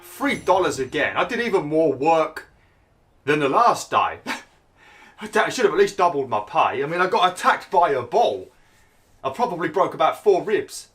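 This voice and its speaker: Chatty man with a bright voice. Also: on the high side, sing-song, moderate pace. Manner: chatty, laughing, exclaiming. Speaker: gameplay commentator. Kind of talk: casual gameplay commentary.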